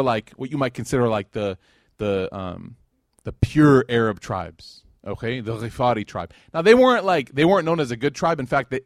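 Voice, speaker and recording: Male lecturer, higher voice, dry close sound, animated casual storyteller. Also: no room sound. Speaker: Islamic lecturer. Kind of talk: religious lecture to a live audience.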